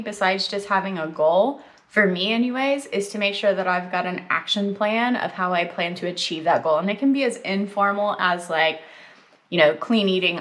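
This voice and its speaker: A young adult woman chatting casually to camera as a vlogger, filler-heavy and lively, talking with her mouth full at times. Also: medium pitch. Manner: chatty, lots of "like" and "um", eating while talking.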